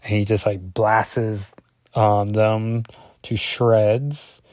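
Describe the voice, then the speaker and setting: A man's voice: on the low side, little pitch movement, drawn-out words, a little mellow, no echo. A man casually reviewing a comic book page by page, rambling and often correcting himself with lots of ums.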